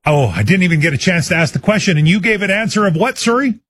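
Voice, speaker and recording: A man's voice: high voice, expressive, fast, fairly bright tone, breathy edge. A man hosting a live call-in radio quiz show, chatty and upbeat, taking listener guesses. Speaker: radio talk show host.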